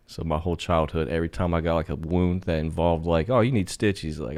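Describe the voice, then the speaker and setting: A man's voice: low voice, a little fast, few pauses. A man co-hosting a podcast, telling a rambling, profane story in casual chat and leaning hard on "like". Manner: profane, rambling, heavy use of "like"; animated when telling stories. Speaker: podcast co-host.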